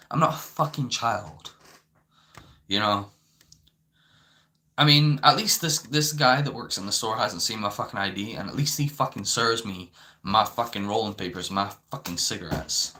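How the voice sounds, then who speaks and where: A man's voice: on the low side, pushed and bright. A young man ranting to camera in a rambling, profane way, filling his talk with "you know". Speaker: vlogger. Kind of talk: unscripted rant.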